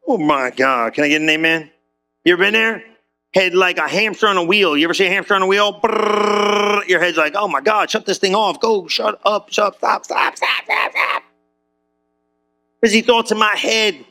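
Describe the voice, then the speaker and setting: A male pastor preaching with a high, bright, forceful voice. He talks to the congregation in casual slang, acts out little voices, and asks them quick questions. His delivery swings between loud bursts and low, drawn-out lines. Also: gravelly. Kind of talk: energetic sermon.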